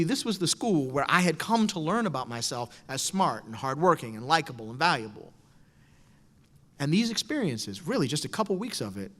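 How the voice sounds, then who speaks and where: Animated man telling a story in a hall. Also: a little high. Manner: animated, wry, storytelling with quoted voices. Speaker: speaker giving a talk. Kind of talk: storytelling speech to an audience. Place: lecture hall. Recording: lecture hall with long reverb.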